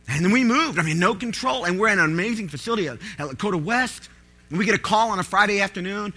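A man, a pastor, preaching a sermon and telling stories with animated, loud bursts of pleading. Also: high-pitched, fast.

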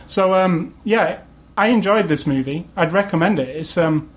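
A man's voice: high voice, moderate pace. A man co-hosting a podcast, chatting casually about a film with many fillers and restarts. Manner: rambling, lots of fillers and restarts. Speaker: podcast co-host. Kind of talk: casual chat, film review.

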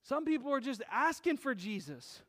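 High-voiced man preaching a lively sermon. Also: moderate pace. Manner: casual and joking, building to emphatic shouting. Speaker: pastor.

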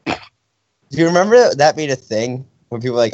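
A young man casually chatting as a podcast co-host, telling an animated story and acting out the people in it. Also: mid-range voice, brisk, no echo. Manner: animated storyteller, acts out quotes. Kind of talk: casual chat. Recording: dry, slightly dull sound.

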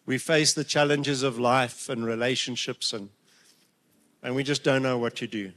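A man's voice: medium pitch, fairly even intonation, a bit bright. Emotional man preaching a sermon. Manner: heartfelt, emotional, with halting restarts and rising emphatic peaks.

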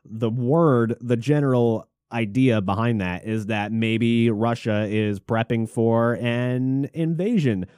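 A man hosting a podcast, casually riffing on current news with jokes and swearing, trailing off into mumbles between louder bursts. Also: mid-range voice, slow pace, few pauses, clean tone, no echo, studio quality. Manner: jokey, irreverent, swears freely. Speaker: podcast host.

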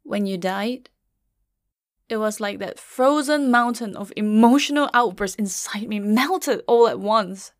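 A middle-aged woman narrating a first-person story in a quiet, measured, grieving way. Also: fairly high pitch, no room sound, clean studio sound.

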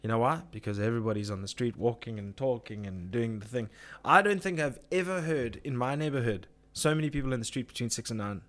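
A man's voice: medium pitch, fast talker, few pauses, a bit bright. A man, hosting a casual livestream, ranting with swearing and lots of filler words. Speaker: livestream host.

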